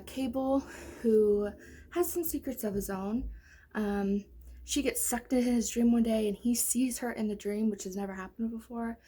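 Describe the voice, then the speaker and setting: A young woman chats about her favorite novels in a loose, rambling way, full of fillers and restarts. Her voice sits a bit high, with a husky, breathy edge and a soft, mellow tone. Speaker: book vlogger. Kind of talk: casual book review chat.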